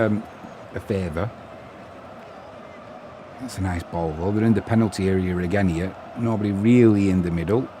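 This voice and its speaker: A man with a lowish, mellow voice handles live football commentary alone, a little hiss or hum in the audio. Alongside the play-by-play he offers opinionated, chatty asides and replies to what viewers write in chat.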